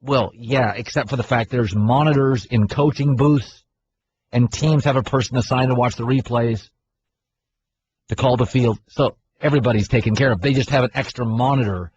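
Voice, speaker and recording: A middle-aged man hosting a sports talk radio show, arguing his opinions in a brash, animated way. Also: mid-range voice, moderate pace. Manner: brash, argumentative, mimics people in loud voices. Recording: dull broadcast audio with faint noise.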